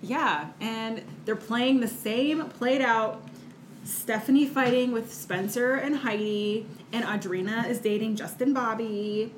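A woman co-hosting a podcast in casual chat, animated and quick to laugh, peppering her talk with "like.". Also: on the high side. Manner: chatty, animated, laughs often, says "like" a lot. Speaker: podcast co-host. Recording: echoey room with faint noise.

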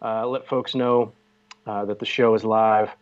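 A man's voice: on the low side, little pitch movement, a little slow, dull audio. A man co-hosting a casual chat show, joking and bantering with a headset mic. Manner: joking, banters and laughs often. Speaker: podcast co-host.

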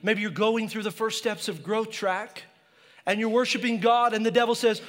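High-voiced pastor preaching with fervor. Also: male voice, fairly even intonation, normal speed, a bit bright, long reverb tail. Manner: passionate, personal storytelling. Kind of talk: sermon. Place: church.

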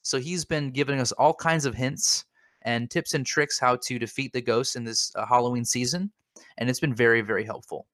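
A man co-hosts a comedic podcast, rambling in a mock-earnest way and repeating his words. His mid-range voice is a bit bright, with fairly even intonation and a normal speed, captured in a dry, studio-quality recording.

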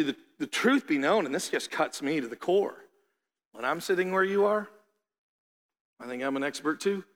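A man preaching a sermon as a pastor, animated, acting out the voices of his listeners. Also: fairly high pitch. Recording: long hall reverb.

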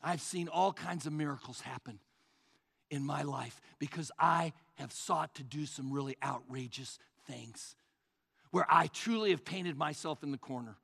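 A male pastor preaching a sermon, swinging between loud, rising passages and hushed, low asides. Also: a little slow, gravelly, slightly rough, long reverb tail.

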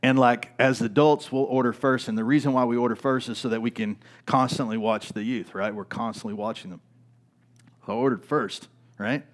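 A middle-aged male pastor telling a story in a sermon, often checking in with "right?" and swinging from loud to quiet. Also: medium pitch, steady tone, brisk. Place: church.

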